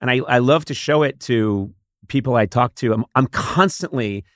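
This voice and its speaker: A middle-aged man from Boston hosts a talk show and tells animated, self-mocking stories. His voice sits at a mid pitch, and the sound is close and dry, with no room echo. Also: normal speed. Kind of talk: casual chat.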